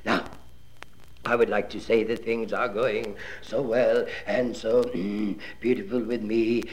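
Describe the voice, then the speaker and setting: A man playing a pompous rich male governor in a comedy radio sketch, halting and full of hums and uhs. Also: fairly low pitch, level tone, close to an everyday voice. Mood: mumbling.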